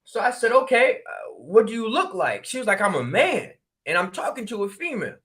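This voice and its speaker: With a high, bright, forceful voice, this man from New Haven, Connecticut spins a casual, chatty story. He works in spiritual regression, and he brings the dialogue to life by voicing every side with abrupt exclamations.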